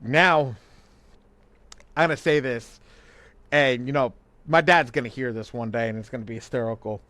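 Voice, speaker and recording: In a dry recording, a man with a mid-range voice and a sharp tone talks at normal speed. As co-host and credit coach of a live online money class, he rambles, keeps restarting, and laughs easily.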